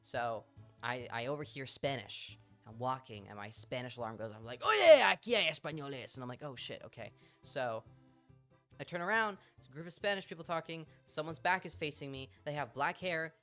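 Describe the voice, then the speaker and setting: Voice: mid-range voice, normal speed, pushed and bright, faint music behind. A streamer telling a story in casual chat on a live stream, chatty and swearing freely.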